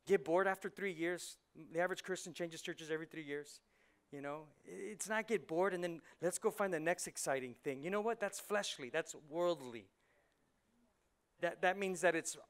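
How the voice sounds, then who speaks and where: Preacher guy, kinda high voice, goes quiet then gets loud and pumped, does little voices. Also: clean tone. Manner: animated, swings from hushed to shouting, acts out voices. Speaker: pastor. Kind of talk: energetic sermon. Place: church hall.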